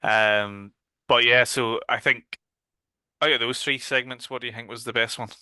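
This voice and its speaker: A man's voice: mid-range voice, fairly even intonation, normal speed, pushed and bright, smooth, no room sound, studio quality. A man with a Northern Irish accent, co-hosting a casual horror podcast chat, swearing freely and loosely. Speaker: podcast co-host.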